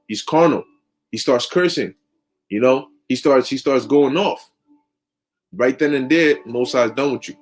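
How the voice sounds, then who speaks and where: A man's voice: mid-range voice, measured pace, pauses often. A man preaching through a long story in casual, slangy, conversational talk. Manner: conversational, lots of fillers and restarts, slang.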